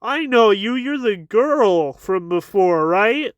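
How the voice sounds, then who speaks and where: A man voicing a young male hero who is upset and shouts one name again and again, recapping a comic. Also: high-pitched, expressive, slow pace, clean tone, dry recording, dull audio. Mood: friendly. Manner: indignant, yelling one name over and over.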